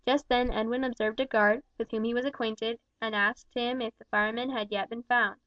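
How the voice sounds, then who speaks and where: A woman narrating a novel in a steady, measured reading. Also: on the high side, no echo. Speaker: audiobook reader. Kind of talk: scripted narration. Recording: dull, dry recording.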